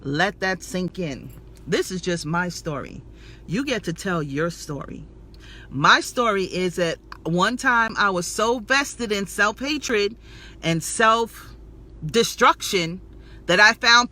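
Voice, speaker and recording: A woman's voice: lowish voice, a little slow, pushed and bright. A woman giving an emotional personal testimony to camera as a health and spirituality vlogger, preachy and affirming, calling her viewers sweetie and y'all.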